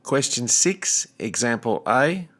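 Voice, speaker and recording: A man teaching a recorded language lesson, speaking slowly and deliberately with careful enunciation. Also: medium pitch, sing-song, a bit bright.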